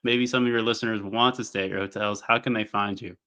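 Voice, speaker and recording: A male host with a lowish voice that comes across smooth and bright. He encourages his guest and tends to stumble and repeat himself at the start of his questions. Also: steady tone, fast talker. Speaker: podcast host, interviewer. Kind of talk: interview questions.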